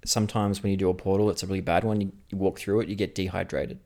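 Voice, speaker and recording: A man's voice: low voice, fairly even intonation, fast, mellow. A man co-hosting a podcast, improvising a comedic story for his co-host, rambling and laughing often.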